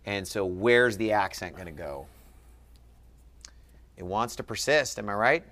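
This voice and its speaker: Man, lowish voice, patient tutor, quizzing, upbeat. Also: animated, a little slow, a bit bright. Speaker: Ancient Greek teacher. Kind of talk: one-on-one lesson.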